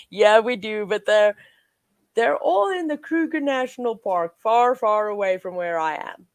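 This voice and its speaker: A woman talks slowly and easily in casual chat. Her voice sits mid-pitch and sounds close and dry. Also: expressive, no room sound.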